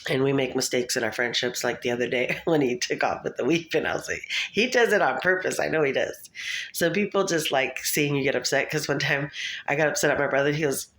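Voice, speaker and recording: A woman's voice: sits low, brisk, fairly bright tone. A woman talking to the camera in a casual, rambling monologue, chatty and laughing often. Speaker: vlogger.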